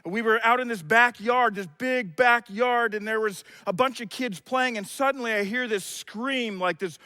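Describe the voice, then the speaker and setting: A middle-aged man, a pastor, preaching a sermon with passion and sometimes shouting. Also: very high voice, moderate pace, clean tone, no echo. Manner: impassioned, shouts out acted quotes.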